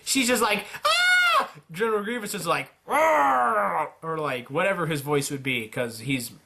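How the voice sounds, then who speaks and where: Man, playful video commentator, animated swooping pitch, bright voice, jokey asides. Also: brisk, a little hiss or hum. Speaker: YouTuber narrating a simulator game. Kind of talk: casual play-by-play commentary.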